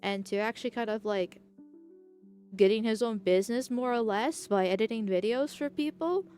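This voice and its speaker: A woman's voice: a little high, normal speed, darkish tone, soft background music. A woman streamer chatting casually, rambling through tangents and laughing often while thanking viewers. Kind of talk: casual live-stream chat.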